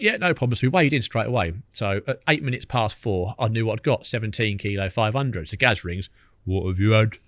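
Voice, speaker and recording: A man's voice: mid-range voice, dry recording, clean studio sound. A man, a podcast guest telling cheeky anecdotes and mimicking the people in them. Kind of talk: casual storytelling.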